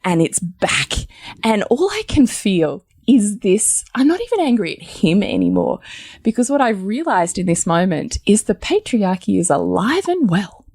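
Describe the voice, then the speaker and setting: A woman's voice: mid-range voice, sing-song, moderate pace, a little mellow, slightly rough, no echo, clean studio sound. An Australian woman hosting, telling a personal story frankly and animatedly, swearing freely. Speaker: host.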